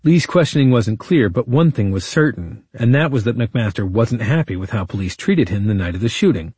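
A man narrating his own legal case as a first-person true-crime audiobook, in a measured, indignant storytelling manner. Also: mid-range voice, lively intonation, a little mellow, slightly rough, no room sound.

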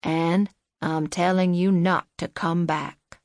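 A woman doing a gruff, wizened old man. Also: fairly low pitch, flat delivery, a little mellow, no echo. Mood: hostile. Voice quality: gruff, hoarse. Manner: terse, evasive, slow replies.

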